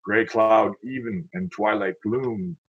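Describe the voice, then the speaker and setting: A man's voice: fairly low pitch, sing-song, slow pace, creaky, lo-fi sound. A man reading his own poetry aloud in a dramatic, declaiming way, with casual asides between poems.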